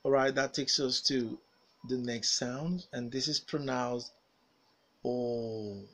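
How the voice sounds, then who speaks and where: A man teaching phonics, saying single words and sentences slowly and carefully for learners to repeat. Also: medium pitch, fairly even intonation, fairly bright tone, rough recording. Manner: slow, carefully enunciated single words with pauses for repetition. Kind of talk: pronunciation drill lesson.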